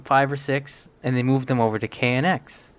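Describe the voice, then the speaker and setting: A man hosting a podcast in casual chat, relaxed and joking with frequent fillers. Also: medium pitch, moderate pace. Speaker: podcast host.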